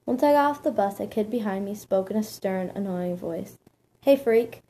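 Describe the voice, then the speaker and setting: A woman's voice: mid-range voice, animated, brisk, dark tone, poor audio. A woman narrating a first-person story in a plain, matter-of-fact reading.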